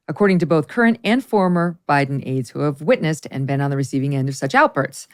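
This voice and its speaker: A woman hosting a talk show, delivering commentary in a brisk, sardonic way. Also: low-pitched, animated. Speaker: host.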